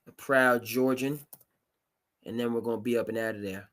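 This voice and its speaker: A man's voice: mid-range voice, moderate pace. Rambling male sports show host. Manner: rambling, filler-heavy, animated. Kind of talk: casual sports talk.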